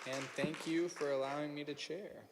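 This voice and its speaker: A man's voice: on the high side, steady tone, moderate pace, heavy background noise. A man chairing a meeting, briefly and apologetically wrapping it up. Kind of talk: closing a meeting. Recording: hall reverb with a crowd behind.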